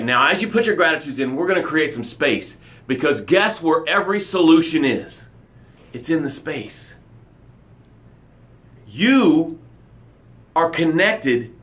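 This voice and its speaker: Man, life coach, live motivational broadcast, energetic, animated, slightly high voice. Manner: energetic, animated, reads viewer comments aloud.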